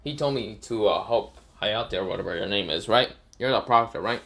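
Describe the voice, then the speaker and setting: A man's voice: on the low side, fairly quick, fairly bright tone. A man voicing a cocky, laid-back male fighter who talks in an offhand, casual way.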